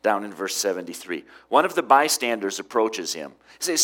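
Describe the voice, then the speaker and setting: Man preaching with lively, swinging pitch. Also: moderate pace, few pauses. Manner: expressive preaching, swings between emphatic rises and quiet drops. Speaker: pastor. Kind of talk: sermon.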